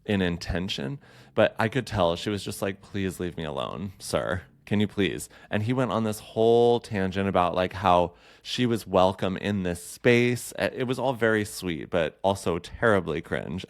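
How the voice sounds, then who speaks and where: Podcast host, male, low, smooth voice, campy, rambling solo chat, dry close sound. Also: expressive, normal speed, dry recording. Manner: chatty, campy, lots of fillers and asides.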